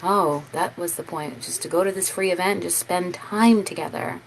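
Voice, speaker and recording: A woman's voice: lowish voice, moderate pace, vocal fry, a little hiss or hum, low-quality recording. A woman life coach giving a casual motivational talk to camera, earnest and encouraging, often sighing and repeating herself.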